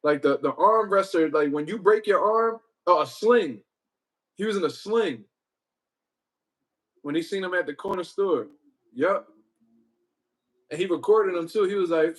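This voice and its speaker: A man hosting a livestream, talking casually with heavy profanity and animated storytelling. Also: high-pitched, brisk. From Puerto Rico. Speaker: livestream host.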